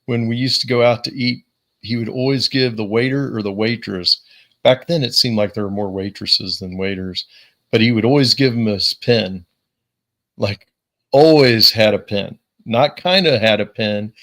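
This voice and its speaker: A man's voice: fairly low pitch, steady tone, moderate pace, fairly bright tone. A man hosting a podcast, enthusiastic and affirming in casual chat.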